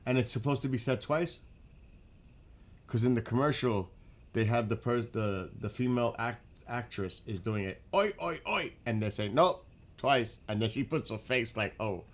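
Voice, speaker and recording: A man hosting a casual livestream, chatting with viewers by name and getting excited as he asks them questions. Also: mid-range voice, moderate pace. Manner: chatty, talks to chat by name, gets excited and laughs. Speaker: livestream host.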